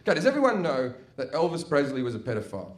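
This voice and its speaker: A man's voice: mid-range voice, huge pitch swings, fast. A man with an Australian accent doing a brash, profane stand-up comedy set, chatty and full of tag questions, live on stage at a comedy venue. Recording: echoey noisy live room.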